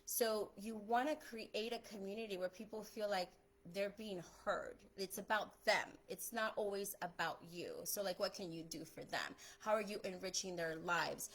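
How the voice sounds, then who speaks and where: A young adult woman talking fast and chattily in a casual live stream, giving social media tips as a photographer. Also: mid-range voice, steady tone, a bit bright, rough recording. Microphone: phone or webcam on a live stream.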